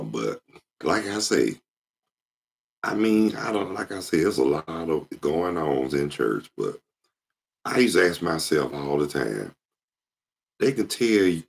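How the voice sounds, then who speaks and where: A man hosting his show, telling casual stories in an animated way and jumping into impressions. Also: very deep voice, vocal fry, husky. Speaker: show host. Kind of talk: casual storytelling monologue.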